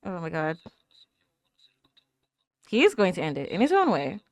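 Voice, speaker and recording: Reaction host, young woman, animated and talkative, answers the screen, dry close sound. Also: fairly low pitch, normal speed, dry recording. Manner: chatty, exclaims and laughs, talks back at the screen. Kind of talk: casual reaction commentary.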